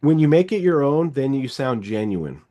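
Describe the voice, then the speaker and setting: A middle-aged man coaching a car salesman over a video call in a casual, animated way. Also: medium pitch. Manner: animated, rambling, quick bursts. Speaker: sales trainer, podcast host.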